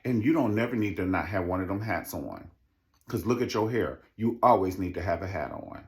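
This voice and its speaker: A man giving a sassy, profane recap rant about a reality show, with a lively, animated delivery. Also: brisk. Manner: animated, sassy, swings into mocking high impressions. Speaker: reality TV commentator.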